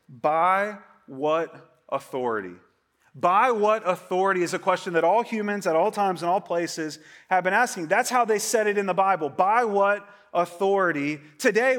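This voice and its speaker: A man in his late thirties, pitched rather high, preaching a sermon in an easygoing, chatty way. He jokes along and keeps checking in with his listeners with a quick "right?". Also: a bit bright. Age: 30s. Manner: conversational, joking, asks the crowd "right?". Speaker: pastor.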